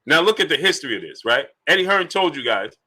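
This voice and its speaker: Bright, emphatic man on a stream. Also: on the high side, fast talker. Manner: animated, repetitive, emphatic rhetorical questions. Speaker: live-stream boxing commentator. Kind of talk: live-stream commentary reading super chats.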